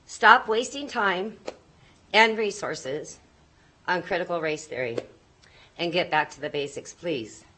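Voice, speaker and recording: A woman's voice: lowish voice, expressive, a little slow, pauses often, pushed and bright. A woman, a mother, giving a nervous, emotional public comment at a board meeting and pleading with the board.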